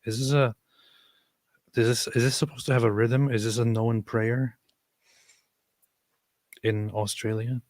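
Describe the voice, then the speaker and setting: A man's voice: mid-range voice, level tone, unhurried, long pauses, darkish tone, dry recording. A man hosting a casual live-stream, reading out viewer comments and teasing his guests in a dry way.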